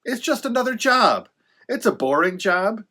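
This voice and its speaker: A man's voice: high-pitched, very animated, normal speed, sharp tone. A man giving casual motivational advice to writers, rambling and correcting himself as he goes, emphatic and encouraging with sarcastic asides. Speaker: author giving writing advice.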